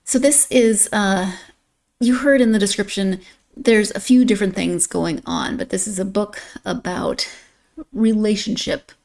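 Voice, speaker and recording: A woman's voice: mid-range voice, measured pace, a little mellow. A woman hosting a book review podcast, chatting casually with fillers and self-corrections before reading a book description. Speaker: podcast host.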